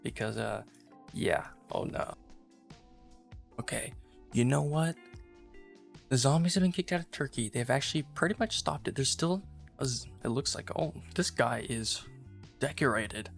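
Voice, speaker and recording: A man's voice: medium pitch, expressive, moderate pace, vocal fry, faint music behind. A man giving casual, rambling play-by-play commentary on a strategy game he is playing, amused and full of fillers. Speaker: gaming channel host.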